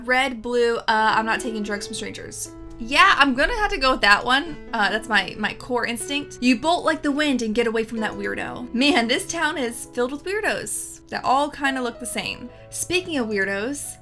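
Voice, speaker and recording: A woman's voice: a little high, fairly quick, pushed and bright, soft background music. A young woman hosting a let's play, reading game text and giving chatty, sarcastic commentary. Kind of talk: casual gameplay commentary.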